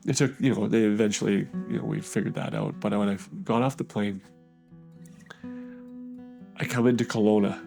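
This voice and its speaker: A low, gravelly male voice recounts his own story as a personal testimony, talking in a halting, conversational way with plenty of fillers and restarts. A faint guitar plays softly underneath. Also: fairly even intonation. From Canada. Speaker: guest sharing his testimony.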